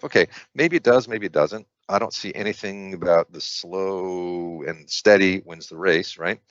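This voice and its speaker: A man's voice: low voice, a bit bright, no echo, muffled recording. A man tutoring through practice test questions, thinking aloud with frequent restarts and fillers. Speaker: SAT prep tutor. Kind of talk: screen-share test walkthrough.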